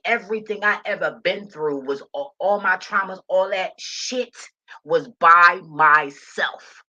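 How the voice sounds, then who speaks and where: A woman's voice: fairly low pitch, pushed and bright. A woman giving a passionate, emotional and rambling casual monologue to her viewers. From Philadelphia. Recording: dull lo-fi recording.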